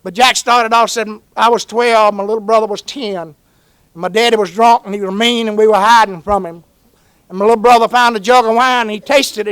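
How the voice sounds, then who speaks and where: A man's voice: high voice, steady tone, fairly quick, fairly bright tone, clean tone, no echo. A man with a Southern US accent gives a folksy, earnest personal testimony as a speaker at a recovery meeting. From Georgia, US.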